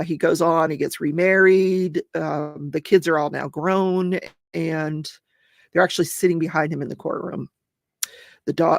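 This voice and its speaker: A woman's voice: lowish voice, gravelly, no echo, studio quality. A middle-aged woman hosting a live stream, recapping a true-crime case in a rambling way and chatting with viewers. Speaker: host of a live crafting and true-crime channel. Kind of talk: casual live-stream chat.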